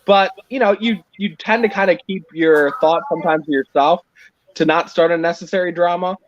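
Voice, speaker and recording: A man's voice: high-pitched, fairly even intonation, moderate pace, dull audio. A man chatting casually on a stream, rambling and teasing himself with lots of fillers. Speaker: stream guest. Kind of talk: casual chat.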